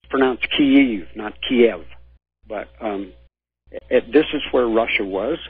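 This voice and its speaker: A man's voice: medium pitch, normal speed, husky, dry recording. A male caller on a radio call-in show, lecturing at length on history over the phone. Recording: phone line.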